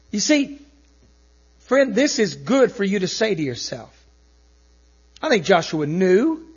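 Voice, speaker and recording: A man preaching with a high, husky voice. He drives his points home loudly, then drops to soft, low asides. The recording is dull and lo-fi, with a mains hum under it. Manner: emphatic, swings from loud declarations to quiet asides. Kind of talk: sermon.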